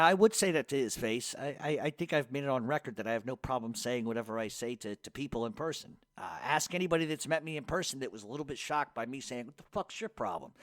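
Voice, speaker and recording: A man hosts his radio show, reading out hate mail and answering it with crude, mocking put-downs. His voice sits at an ordinary middle pitch. The recording is dry and close, with no room sound. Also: no room sound. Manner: profane, mocking, combative.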